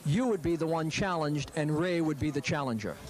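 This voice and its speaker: A man's voice: a little high, fairly quick. A man interviewing a boxer, stressing words and pressing with pointed questions. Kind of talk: sports interview.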